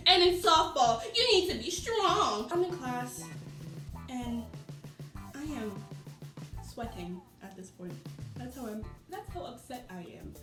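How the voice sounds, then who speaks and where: A woman vlogger telling a story at home in an exasperated, animated rant. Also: fairly high pitch, roomy sound.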